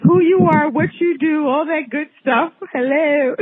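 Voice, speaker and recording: A woman's voice: high voice, measured pace. Giggly New woman hosting over a phone line. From New York. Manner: bubbly, flirty, giggly and excitable. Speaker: podcast host. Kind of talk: casual podcast interview. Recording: tinny phone-line audio.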